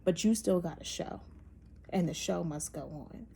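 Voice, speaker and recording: A woman's voice: fairly low pitch, normal speed, creaky, dark tone, a little hiss or hum. Emphatic woman talking with many fillers. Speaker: podcast host. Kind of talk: casual opinion monologue.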